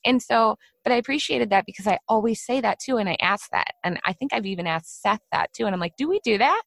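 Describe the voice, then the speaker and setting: A woman's voice: mid-range voice, fast talker, vocal fry, fairly bright tone, no echo. A middle-aged woman hosting a casual podcast conversation. She tells her stories with energy and acts out the voices she quotes. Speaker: podcast host.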